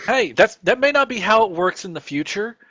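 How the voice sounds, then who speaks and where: A man playing a tabletop role-playing game, eager and animated as he argues. His pitch jumps about lively and fairly high, over a noisy mic. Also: brisk, lo-fi sound. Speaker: player.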